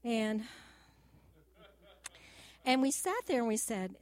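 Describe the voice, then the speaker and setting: A woman's voice: a little high, very animated, slow, no echo. A middle-aged woman giving an earnest, personal testimony at church, telling homely stories in a practical way and sometimes close to tears. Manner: earnest, personal and practical, with a gentle down-home storytelling way. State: tearful at times. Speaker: church speaker.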